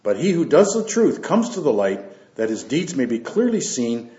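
Pastor preaching in a roomy church. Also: male voice, mid-range voice, very animated, mellow. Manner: unhurried, with fillers and asides between verses. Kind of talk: sermon with scripture reading. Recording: roomy, dull lo-fi church recording.

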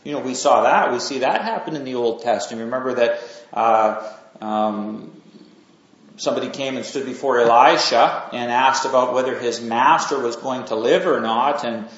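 A man's voice: medium pitch, a bit bright. Man, preacher, casual sermon, stop-start delivery, roomy echo, muffled lo-fi sound. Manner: halting, many fillers and restarts, conversational. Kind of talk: informal Bible sermon. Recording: echoey room, dull lo-fi sound.

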